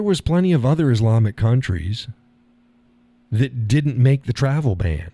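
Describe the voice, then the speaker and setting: A man's voice: medium pitch, animated, slow, long pauses, dark tone, no echo. A man hosting a live stream, talking casually and rambling, chuckling at his own remarks.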